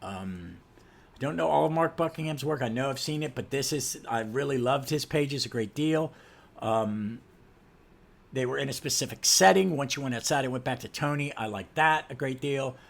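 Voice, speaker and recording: A man's voice: medium pitch, lively intonation, moderate pace, vocal fry. A man hosting a podcast, recapping comics with enthusiastic, gushing asides. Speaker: podcast host.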